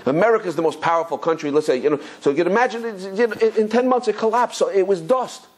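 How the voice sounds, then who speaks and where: A rabbi giving an animated Torah class, telling stories excitedly with stumbling repetitions and chuckles. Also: male voice, high-pitched, fast talker, husky. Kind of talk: animated Torah lesson with storytelling.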